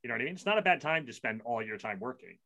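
A man in his forties co-hosting a casual podcast chat, rambling and self-mocking with quick bursts and restarts. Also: medium pitch, animated, vocal fry, sharp tone, lo-fi sound. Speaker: podcast co-host.

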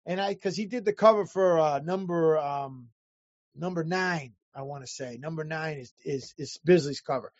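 A man telling animated, profane stories in casual chat, acting out the people he quotes. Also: on the high side, moderate pace, dry recording, highs cut off. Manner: animated anecdotes, profane, acts out quoted voices.

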